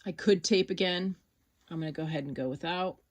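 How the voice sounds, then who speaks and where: A woman with a fairly low voice explains an embroidery project step by step in a casual, relaxed way. She thinks aloud while she works, and faint noise runs under her voice. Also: fairly quick. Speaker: sewing instructor.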